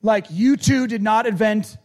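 A male preacher giving a conversational, animated sermon and acting out quoted lines. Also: high voice, unhurried.

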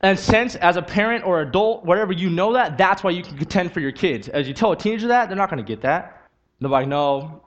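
A young man preaching a sermon and telling his testimony, earnest and emphatic, driving points home by repeating them. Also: high voice. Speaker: youth preacher. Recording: dull lo-fi recording.

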